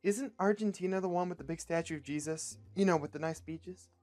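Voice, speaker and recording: A man voicing a soft-spoken, dreamy crew member who talks quietly. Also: high-pitched, fairly quick, faint music behind, natural voice.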